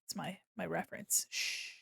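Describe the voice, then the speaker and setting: A woman's voice: fairly low pitch, steady tone, moderate pace, gravelly, bright, forceful tone, breathy edge, dry recording, clean studio sound. A woman streaming while she draws, chatting casually with her viewers, playful and mock-offended, laughing often. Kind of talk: casual live-stream chat while drawing.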